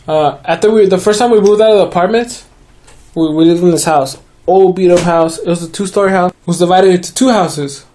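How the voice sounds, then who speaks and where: A man's voice: high voice, a little fast, warm tone, a little hiss or hum. A young man co-hosting a podcast, casually telling a scary story between laughs and swearing. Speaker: podcast co-host. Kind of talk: casual chat.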